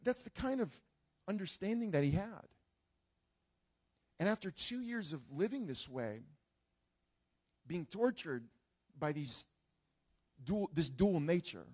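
A male pastor preaches earnestly, telling a story and often restarting his phrases. His voice sits a touch high for a man. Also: darkish tone. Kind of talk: sermon.

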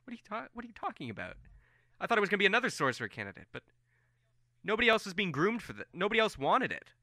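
A man's voice: medium pitch, normal speed, bright, forceful tone, clean tone, no room sound, studio quality. A man voicing an overeager, deluded young man who rambles nervously about becoming king. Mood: frantic.

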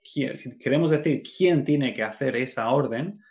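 Here a bilingual man teaching English grammar on a podcast speaks at medium pitch with a darkish tone. His explanations are slow, moving back and forth between Spanish and English.

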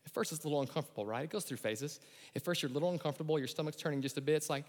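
Man, pastor, animated sermon, slightly high voice, long hall echo. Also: racing. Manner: animated, acts out voices and shouts the key lines.

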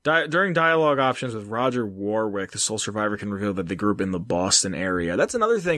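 A man's voice: lowish voice, sing-song, quick pace, few pauses, a bit bright, no echo. A man on a casual podcast, reading out game trivia and ranting with lots of swearing and laughter. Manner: profane, ranting, laughs often. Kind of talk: casual chat.

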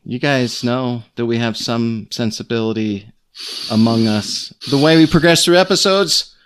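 A man's voice: medium pitch, measured pace, slight background noise. A man hosting a casual podcast, joking with his co-hosts and reading news items aloud. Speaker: podcast host.

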